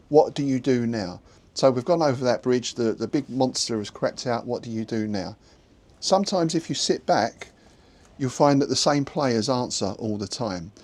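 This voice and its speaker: A man hosting a podcast, giving relaxed, conversational advice to game masters, chuckling often and restarting words as he goes. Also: mid-range voice.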